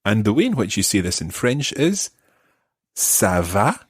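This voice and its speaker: A man's voice: on the low side, very animated, a little slow, slightly rough, dry recording. A middle-aged man hosting a podcast language lesson, patiently explaining and modeling pronunciation for learners. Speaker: language teacher and podcast host. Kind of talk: friendly guided language lesson.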